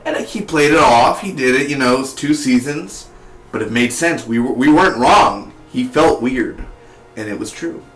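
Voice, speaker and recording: A young man chatting through a casual spoken TV review in a rambling, excitable way. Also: mid-range voice, normal speed, soft background music. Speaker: TV show reviewer. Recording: echoey room.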